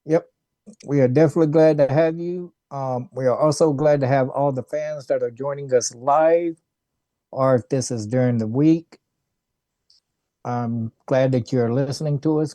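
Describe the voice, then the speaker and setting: A man co-hosting a casual wrestling talk show, speaking in slow, measured host patter. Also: mid-range voice, mellow, dry recording. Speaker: podcast co-host.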